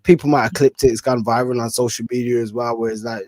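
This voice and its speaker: A man from the UK co-hosting a casual chat, reflective and unhurried, trailing off with fillers. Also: medium pitch, fairly even intonation, a little mellow, dry recording. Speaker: podcast co-host.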